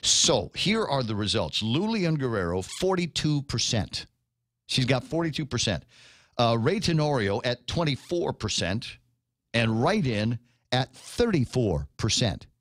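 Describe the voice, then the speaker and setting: A man's voice: medium pitch, sing-song, measured pace, dry recording. A man hosting a morning radio show, chatting casually, laughing often and stammering over repeated words. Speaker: radio host.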